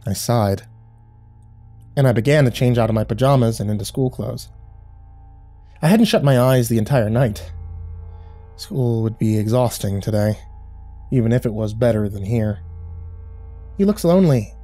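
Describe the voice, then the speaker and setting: A man narrating a horror story in a measured, somber storytelling voice. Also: on the low side. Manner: measured, somber storytelling with quiet dialogue reads. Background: faint music.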